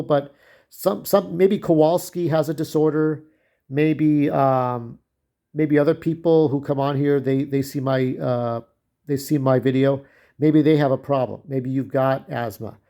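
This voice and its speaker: A young man with a fairly high voice rants straight to camera, furious and profane. He keeps restarting and repeating words as he vents. The talk is loose and unscripted, like a personal vlog. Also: mellow. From United States. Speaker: vlogger. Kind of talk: angry personal rant to camera.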